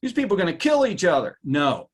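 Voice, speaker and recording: Guy running a live webinar, chatty and lively, calls out viewers by name, voice jumps up high to stress points. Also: fast talker, husky. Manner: animated, reacts to viewers by name, pitch jumps high for emphasis. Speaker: webinar presenter.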